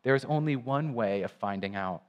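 Gentle wise lion, guy reading it, slow calm lines, middle pitch, echoey hall. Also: muffled recording, close to an everyday voice. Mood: grave.

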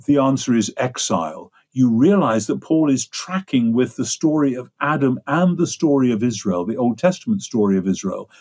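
An older English man, appearing as a guest theologian in an interview, explains ideas at length in a discursive, lecturing way. His voice is mid-range, a little mellow, with a breathy edge.

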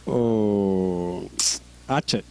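Man who stutters, mellow voice. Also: on the low side, extremely slow, clean tone, dry recording. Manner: stutters, with repeated syllables and restarts. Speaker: interview guest. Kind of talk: personal life-story interview.

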